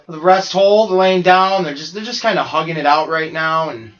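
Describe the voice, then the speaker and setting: A man co-hosting a podcast, joking his way through live commentary with goofy deadpan bits and laughing at his own jokes. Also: on the high side, normal speed. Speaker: podcast co-host. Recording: dull lo-fi podcast audio.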